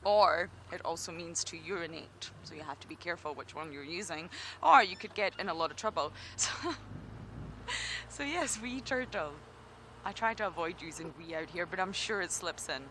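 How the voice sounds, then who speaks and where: A woman's voice: on the low side, normal speed, a bit bright, slight background noise. A Scottish woman from Scotland, a safari guide giving chatty, good-humoured live game drive commentary. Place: outdoors in an open game vehicle.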